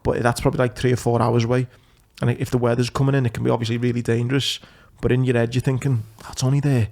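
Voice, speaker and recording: A man hosts a casual podcast chat and tells a long story with plenty of swearing. His voice is gravelly, with a lot of fry. He keeps his pitch fairly flat and level. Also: racing. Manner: swears freely, rambling anecdotes. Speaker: podcast host.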